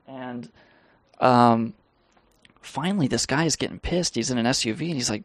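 A man's voice: medium pitch, moderate pace, pauses often, no echo. A man hosting a live stream, telling a rambling, profane story with laughs and reading the chat aloud.

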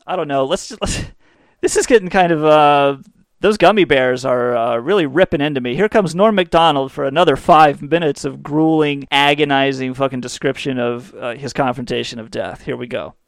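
A man's voice: mid-range voice, moderate pace, gravelly, no room sound. A man hosting a comedy podcast, delivering a profane, mocking rant into a close mic. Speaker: podcast host. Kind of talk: ranting comedy monologue.

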